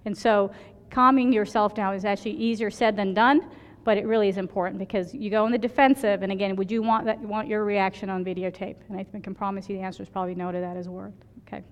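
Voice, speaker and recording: A woman's voice: medium pitch, steady tone, fast, long reverb tail. A woman emergency physician giving a conference lecture, telling stories from her work and often checking in with "right?". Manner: chatty, storytelling, keeps asking "right?".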